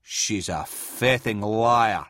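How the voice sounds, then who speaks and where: A man's voice: lowish voice, extremely slow, a bit bright, dry recording, clean studio sound. A man voicing a whiny, cowardly male soldier who sneers and squawks in outrage. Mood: sneering.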